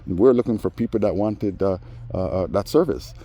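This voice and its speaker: A man telling a story in a casual rant, animated and mimicking the people he quotes. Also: low voice, normal speed. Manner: animated, mimics others in quoted voices, laughs often. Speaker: vlogger.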